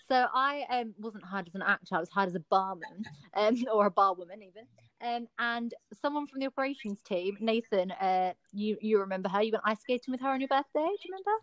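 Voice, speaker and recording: A woman's voice: mid-range voice, expressive, fairly quick, fairly bright tone, no room sound. A woman co-hosting a podcast, telling a story in a chatty way with fillers. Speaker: podcast co-host. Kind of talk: casual storytelling chat.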